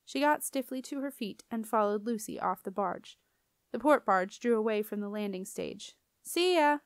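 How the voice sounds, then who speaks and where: A woman narrating a children's fantasy audiobook. Her reading is even and expressive. The recording is dry and close, with no room sound. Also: mid-range voice, normal speed, smooth, dry recording. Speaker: audiobook reader. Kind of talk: storybook narration.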